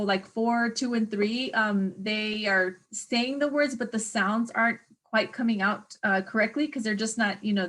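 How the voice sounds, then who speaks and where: A woman's voice: medium pitch, a bit bright. Chatty woman teacher, lots of fillers. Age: adult parent of a young child. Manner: chatty, hesitant, many fillers, searches for words. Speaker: teacher educator. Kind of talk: exam review lecture.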